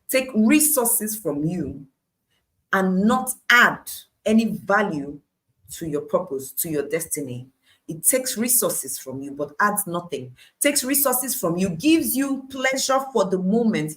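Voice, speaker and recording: Woman doing a bible devotional livestream, bit low voice, repeats herself for emphasis, laughs a lot. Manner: emphatic and repetitive, laughs often, lively asides. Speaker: Bible teacher. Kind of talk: devotional Bible teaching on a live stream.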